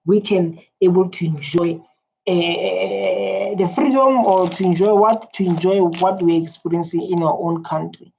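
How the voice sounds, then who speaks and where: A woman's voice: on the low side, a little slow, vocal fry, warm tone. A South African woman giving emphatic, repetitive political reaction commentary with many fillers. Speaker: reaction video host. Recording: dull lo-fi with faint noise.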